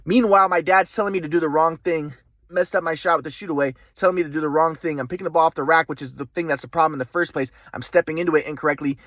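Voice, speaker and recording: A man telling a personal story in a fast, repetitive, aggrieved monologue. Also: fairly high pitch, fairly even intonation, fairly bright tone, no echo, studio quality. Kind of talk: rambling monologue.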